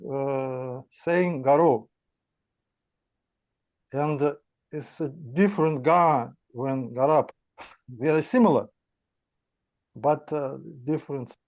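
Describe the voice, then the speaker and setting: A man asking questions about spelling in a language lesson, talking haltingly with many pauses. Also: medium pitch, highs cut off. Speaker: language student.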